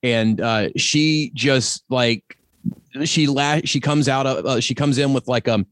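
A middle-aged man chatting as a podcast host, spinning animated family anecdotes. His voice sits in a middle pitch and sounds close and dry, with almost no room around it. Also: slow, dry recording. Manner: animated storyteller, acts out quoted voices. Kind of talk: casual chat.

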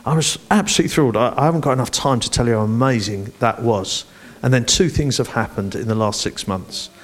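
A man's voice: medium pitch, a little fast. Man telling church stories animatedly. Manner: animated storyteller, playful with the congregation. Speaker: church leadership development director. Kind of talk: onstage church interview.

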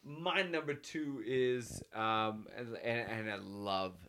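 A man's voice: medium pitch, takes it slowly, bright, forceful tone. A man co-hosting a podcast, chatting casually in a laid-back, profane, rambling way. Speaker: podcast co-host. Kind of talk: casual chat.

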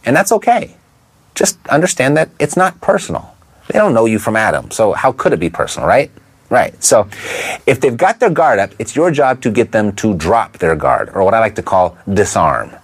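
A man teaching real estate investors how to talk to motivated sellers, in a lively coaching manner that keeps asking the listener rhetorical questions. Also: on the low side, moderate pace, breathy edge. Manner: briefly imitates a Texan twang. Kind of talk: instructional talk to camera.

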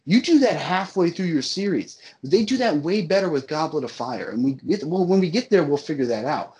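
A man's voice: fairly high pitch, lively intonation, brisk, a little mellow. A man ranting in casual talk about a movie he disliked, emphatic and profane, often repeating himself for effect. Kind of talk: casual movie-review rant.

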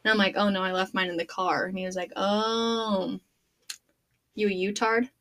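A woman's voice: mid-range voice, fairly quick. Chatty young woman telling a story. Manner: animated, laughing, lots of "like". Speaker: podcast host. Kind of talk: casual storytelling chat.

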